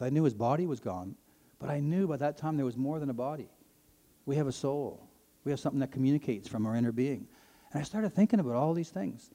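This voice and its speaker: A middle-aged man from Ontario, earnestly telling his personal faith testimony to an audience, his voice climbing when he gets excited. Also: medium pitch, fast talker. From Ontario, Canada. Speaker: speaker sharing his testimony. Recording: long hall reverb.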